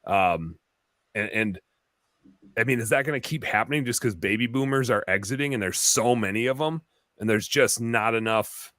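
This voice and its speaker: A man's voice: medium pitch, normal speed, fairly bright tone, no echo. A man co-hosting a casual live stream, playful and joking as he reads viewer comments. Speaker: co-host reading viewer comments.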